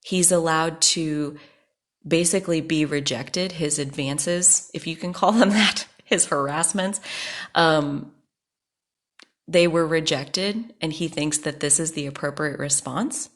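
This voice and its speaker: A woman's voice: low voice, slow. A woman hosting a podcast, talking frankly and at length about her life, swearing freely when angry. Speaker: podcast host. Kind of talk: personal monologue.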